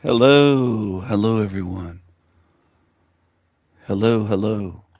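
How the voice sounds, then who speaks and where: A man hosting his own radio show with theatrical, drawn-out greetings. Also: fairly low pitch, a little mellow, no room sound, studio quality. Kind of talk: casual radio patter.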